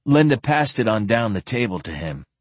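A man narrating an audiobook in a calm, expressive, scripted way. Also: on the low side, moderate pace, no echo.

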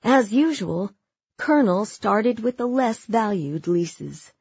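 Slow, husky woman narrating a story. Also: mid-range voice, no room sound, highs cut off. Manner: measured, even storytelling. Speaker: audiobook narrator. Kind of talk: scripted narration.

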